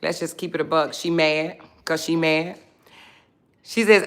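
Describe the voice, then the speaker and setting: A woman's voice: lowish voice, a little slow, a bit bright, clear, resonant tone. A middle-aged woman on a casual livestream, reading out viewer comments with a sassy, laughing manner and talking straight to her viewers.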